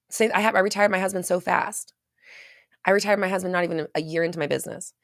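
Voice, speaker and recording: A woman's voice: lowish voice, racing, creaky, no room sound. Chatty woman, dry close sound. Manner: chatty and animated, laughs often, frequent fillers and some swearing. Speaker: manifestation coach and show host. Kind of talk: casual livestream talk, reading viewer comments aloud.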